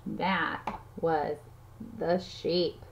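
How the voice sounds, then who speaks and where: A woman's voice: sits low, steady tone, extremely slow. A woman giving a playful lesson to toddlers, counting aloud and making animal sounds in a sing-song way. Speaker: children's teacher. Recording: slightly dull audio, faint noise.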